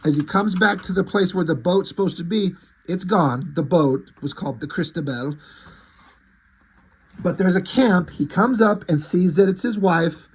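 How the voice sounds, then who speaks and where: Husky casual man reviewing a comic. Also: high-pitched, animated, normal speed. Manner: rambling, retells dialogue loosely. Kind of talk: casual comic read-through.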